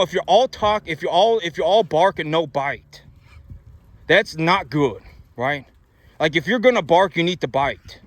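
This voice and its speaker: A man's voice: high voice, a bit bright, a little hiss or hum. A man who runs cattle, talking in a rambling, boastful vlog with many restarts and repeated phrases. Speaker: cattle rancher vlogger. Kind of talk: casual talking-head vlog. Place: on a small cattle farm.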